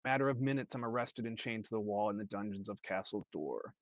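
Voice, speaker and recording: A man's voice: on the low side, fairly quick, no room sound. Guest man at a game table, dull dry sound. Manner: asks questions, reads his quest aloud. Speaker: guest player. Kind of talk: casual game table chat.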